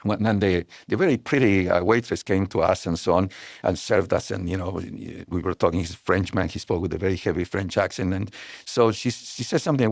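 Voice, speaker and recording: A man's voice: low-pitched, fairly quick, gravelly, dry recording, clean studio sound. An older man, a scientist guest, explaining ideas in a digressive way and telling anecdotes. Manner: digressive, anecdotal, many restarts, animated storytelling. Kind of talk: relaxed explanatory interview talk.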